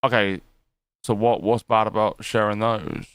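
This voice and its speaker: A man co-hosts a casual live stream, talking in a hedging, unsure way with frequent restarts. His voice is low and smooth. The sound is dry and close. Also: little pitch movement, a little slow, no room sound. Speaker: stream co-host. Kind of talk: casual drama-commentary chat.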